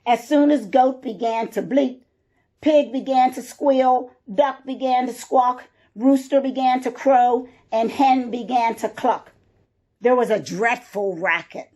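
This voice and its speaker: Woman storyteller for kids, slow, expressive read-aloud, fairly high voice.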